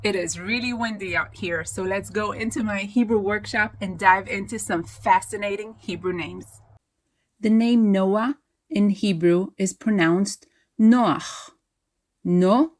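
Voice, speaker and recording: A woman teaching a language lesson, pronouncing each word with deliberate care. She speaks at a very unhurried pace, pausing often between phrases. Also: medium pitch. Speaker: Hebrew teacher. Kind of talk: slow, clear language lesson. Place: outdoors in wind, then indoors in a workshop.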